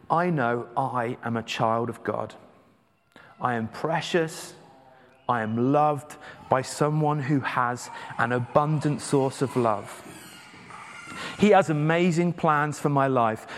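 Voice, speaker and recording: English preacher in a reverberant hall. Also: male voice, medium pitch. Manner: conversational, self-deprecating with hesitant fillers. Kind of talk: sermon. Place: church.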